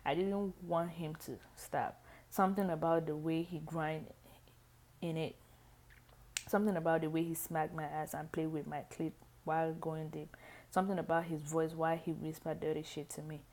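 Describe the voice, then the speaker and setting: Low, flat-voiced woman reading aloud. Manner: halting, frequent restarts and stumbles. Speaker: reader.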